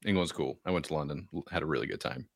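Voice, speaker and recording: A man's voice: extremely low pitch, very fast, creaky, breathy edge, no echo, studio quality. A man from the United States co-hosting a casual podcast, wry and teasing. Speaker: podcast co-host. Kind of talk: casual chat.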